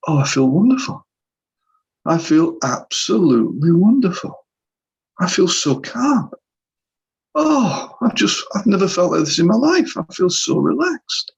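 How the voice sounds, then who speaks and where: A man's voice: high-pitched, sing-song, unhurried, vocal fry, slightly rough, dull audio, voice pushed up, full character voice. A man acting out a terrified young man pleading. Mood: blissful. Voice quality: panicked, pleading, rising to screams. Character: terrified young man reliving a past-life massacre.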